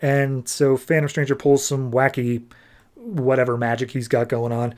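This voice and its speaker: A man's voice: medium pitch, fairly even intonation, darkish tone. Casual man recapping a comic. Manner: casual, quick paraphrasing of characters with loose voices. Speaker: comic book podcast host.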